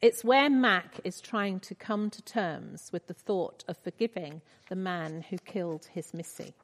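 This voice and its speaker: A woman giving a devotional talk, reading a passage aloud in an earnest, measured way. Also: on the low side. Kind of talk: sermon with read-aloud book passage. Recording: reverberant hall.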